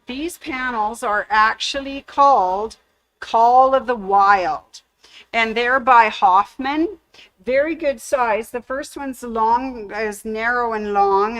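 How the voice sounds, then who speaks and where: A woman's voice: on the high side, a bit bright, poor audio. A woman hosting a casual fabric store livestream, chatty and full of corny jokes. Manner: chatty, cracks corny puns. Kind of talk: casual livestream product showcase.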